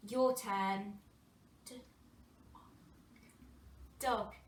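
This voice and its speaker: A woman with an English accent teaching a phonics lesson to young children, sounding out words slowly and with a lot of expression. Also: fairly high pitch. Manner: animated, exaggerated sounding-out of words with gasps and whispers. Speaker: primary school teacher. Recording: roomy distant mic, faint background noise.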